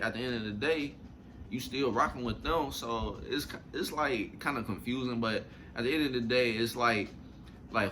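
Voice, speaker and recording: A man's voice: mid-range voice, a bit bright, slight background noise. A man hosting a reaction video, talking through his opinions in a laid-back casual way, often repeating "at the end of the day". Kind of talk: casual commentary.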